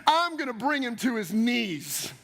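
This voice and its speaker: A man's voice: extremely high pitch, big pitch swings, unhurried, gravelly, a bit bright. A man preaching a sermon in a church with energy, speaking directly to the congregation and asking them questions. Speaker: pastor. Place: church sanctuary. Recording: long hall reverb.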